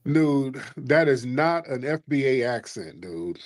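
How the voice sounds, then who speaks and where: A man's voice: mid-range voice, sing-song, takes it slowly, dry recording, studio quality. A man hosting a livestream call-in, arguing with callers in a dismissive, mocking, blunt way. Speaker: livestream host taking callers. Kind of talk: heated call-in debate.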